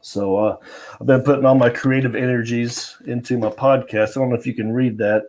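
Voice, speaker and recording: A man's voice: mid-range voice, steady tone, a little fast, darkish tone. A comedian guest telling a story in a casual chat, laughing often as he goes.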